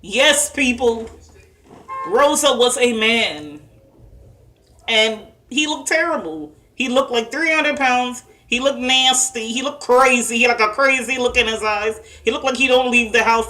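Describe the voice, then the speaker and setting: A woman talks through a TV episode in a loose, chatty way, stopping for fillers and little asides. Her voice is bright and sits a bit high. She sounds like a vlogger telling friends what happened. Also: normal speed. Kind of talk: casual recap monologue.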